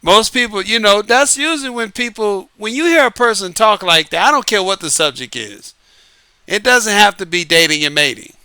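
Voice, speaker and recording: Man, host, lively talker, laughs a lot, crisp and very bright voice. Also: sits high, normal speed, no echo. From United States. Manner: lively, repetitive, laughs often. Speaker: podcast host and author. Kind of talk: casual late-night monologue. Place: Southern California.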